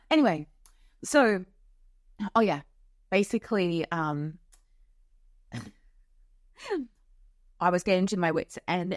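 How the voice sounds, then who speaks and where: A woman with a somewhat low voice hosts her own podcast, speaking as a spiritual coach in a loose, unscripted monologue. She talks frankly, swears freely and leans on filler words. The sound is dry and close, from a home office. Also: no echo. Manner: frank and profane, lots of "like" fillers.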